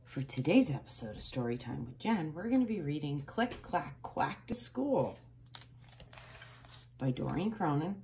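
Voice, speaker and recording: A woman reading a children's picture book aloud, with expressive, playful emphasis on the story's sound words. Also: sits low, measured pace, a little hiss or hum.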